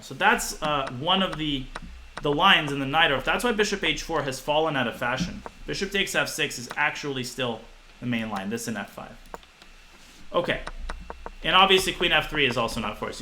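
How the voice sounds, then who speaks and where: Young guy streaming a chess lesson, bright voice, faint hiss behind, chats with viewers. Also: mid-range voice, poor audio. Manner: quick, talks to chat, thinks aloud with restarts.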